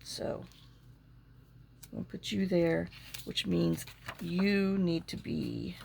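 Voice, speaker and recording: A woman's voice: on the low side, slow, vocal fry, mellow, a little hiss or hum. A middle-aged woman chatting and rambling through stories while she works on a craft project. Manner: chatty, rambling storyteller, talks to herself while working. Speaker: craft vlogger. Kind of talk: casual chat while crafting.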